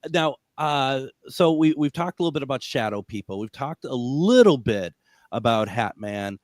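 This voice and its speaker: A man hosting a radio interview, asking questions in a halting way. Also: mid-range voice, lively intonation, a little mellow, no room sound, clean studio sound. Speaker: radio host.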